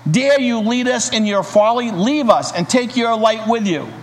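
A man's voice: very high-pitched, moderate pace. A man voicing frightened, angry cave dwellers with fearful, scornful outbursts. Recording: reverberant hall, faint hiss.

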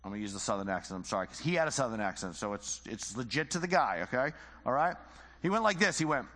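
A man's voice: mid-range voice, sing-song, fast talker, fairly bright tone, in a large hall. A man teaching the Bible informally, conversational and full of rhetorical questions and repeated phrases.

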